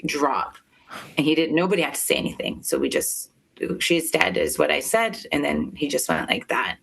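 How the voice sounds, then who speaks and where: A woman telling a painful personal story as an interview guest, halting and emotional, with many filler words. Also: low voice, creaky, fairly bright tone.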